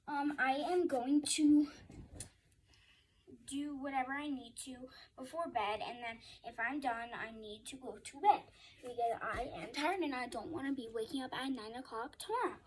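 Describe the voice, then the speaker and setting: High-voiced young girl vlogging. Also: slight background noise, poor audio. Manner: rambling, talks straight to viewers with "y'all". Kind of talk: casual chatty vlog.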